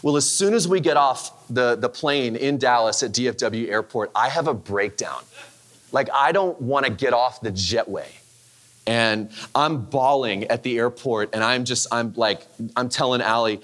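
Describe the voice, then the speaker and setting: A man's voice: medium pitch, normal speed, a bit bright. A man in his thirties preaching a sermon, telling a personal story in a candid, conversational way with frequent restarts. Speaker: pastor.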